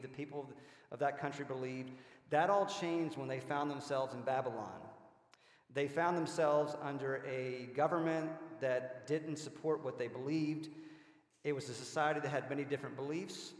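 A man's voice: mid-range voice, roomy sound, big-room sound. A man preaching a sermon in a church, talking in a conversational way and restarting his sentences. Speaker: pastor. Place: church sanctuary.

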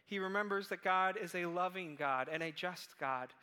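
A man preaching a sermon, telling a story in a lively way and acting out the quoted voices. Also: high voice, moderate pace, clear, resonant tone, big-room sound. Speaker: pastor.

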